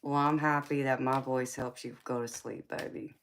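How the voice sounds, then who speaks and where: A woman's voice: extremely low pitch, steady tone, moderate pace, slight background noise. A woman hosting a live tarot stream, chatting casually and teasingly with viewers, calling them baby and sweetheart. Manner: playful, teasing, calls viewers baby and sweetheart, laughs often.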